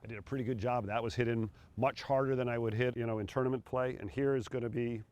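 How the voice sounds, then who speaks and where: A middle-aged man coaching putting outdoors on a green, talking in a relaxed, encouraging way between putts. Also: medium pitch, fast talker, lo-fi sound. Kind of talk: on-course instruction.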